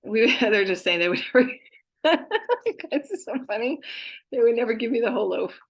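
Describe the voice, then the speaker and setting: With a voice on the high side, lively intonation, and a fairly quick pace, a woman casually channels messages from her spirit guides. She gushes about them affectionately and keeps bursting into giggles.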